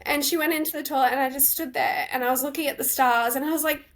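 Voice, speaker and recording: High-voiced woman, tearful and candid. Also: steady tone. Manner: candid, halting, full of fillers and restarts. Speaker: podcast co-host. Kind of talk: emotional personal story in casual chat.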